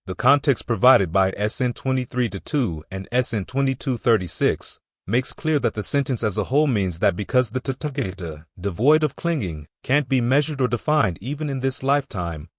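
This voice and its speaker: A man giving a measured, deliberate scripted reading of a Buddhist text. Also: medium pitch, dry recording, clean studio sound.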